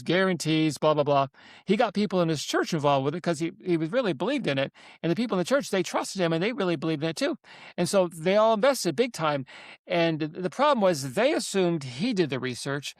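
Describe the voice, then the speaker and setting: A man in his seventies, a guest author telling stories in an interview, animated and emphatic, often repeating himself. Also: on the high side, dry recording, studio quality. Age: 70s. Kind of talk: interview storytelling.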